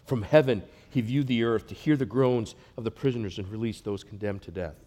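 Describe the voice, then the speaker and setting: A man preaching a sermon, earnest, rising to loud emphatic passages and dropping to a near hush. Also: fairly low pitch, brisk. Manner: earnest, swells loud then drops to a hush. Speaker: pastor.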